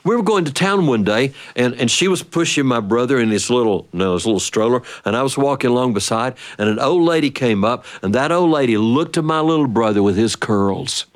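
Lively male storyteller. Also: mid-range voice, brisk, hardly any pauses. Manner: lively, animated, playful. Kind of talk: oral storytelling to children.

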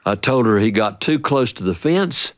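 An older man telling a family story in a folksy, playful, drawn-out way. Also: mid-range voice, expressive, a bit bright.

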